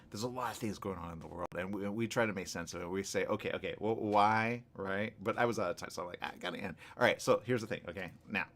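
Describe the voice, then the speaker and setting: A man's voice: low voice, fairly bright tone. A man hosting a talk radio show, chatting casually, rambling through stories and laughing often.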